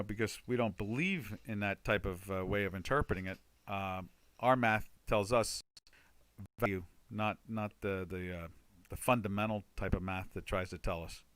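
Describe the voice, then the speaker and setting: A man's voice: lowish voice, fairly bright tone, dry recording. An older man hosting a trading webinar, chatting loosely about charts with many fillers and restarts. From United States. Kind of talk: casual market commentary over charts.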